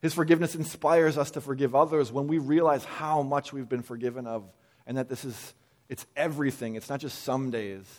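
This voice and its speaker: Man, casual sermon, conversational, quick voiced asides, restarts. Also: medium pitch. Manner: conversational, animated quoting with repeated restarts. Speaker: pastor.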